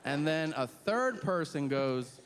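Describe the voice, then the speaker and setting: A man doing stand-up comedy, telling a story in an animated, exasperated way and acting out outbursts, on a stage before a live audience. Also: a little high, takes it slowly, in a large hall, very noisy. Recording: live stand-up set with loud crowd laughter. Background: audience laughter.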